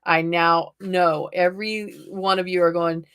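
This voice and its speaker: A woman in her forties chats through a live tarot reading for her viewers. Her voice sits a little low, and she laughs easily between remarks. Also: steady tone, measured pace, smooth. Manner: chatty, laughs often, addresses viewers warmly as lovelies. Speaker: host. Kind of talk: casual live-stream chat.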